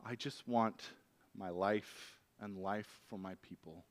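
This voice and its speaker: A man's voice: lowish voice, fairly even intonation, slow, voice pushed down. A man voicing a young queen pleading earnestly for her life and her people. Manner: impassioned, begging.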